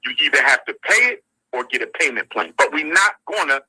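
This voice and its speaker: A man in an interview, explaining a sequence of events in a measured way. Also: mid-range voice, very animated, pushed and bright, husky, no echo, rough recording. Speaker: interview guest.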